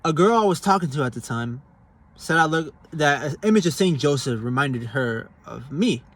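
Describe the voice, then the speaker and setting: A man's voice: a little high, expressive, moderate pace, fairly bright tone, husky. Earnest young-sounding man telling a story. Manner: conversational and earnest, casual slang, frequent fillers and restarts. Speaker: Catholic giving a personal testimony. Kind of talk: casual spoken testimony.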